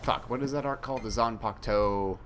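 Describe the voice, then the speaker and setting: A man's voice: fairly low pitch, brisk, a bit bright, soft background music. A young man chatting casually while playing a game, rambling and mocking himself, with some swearing. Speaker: gaming YouTuber.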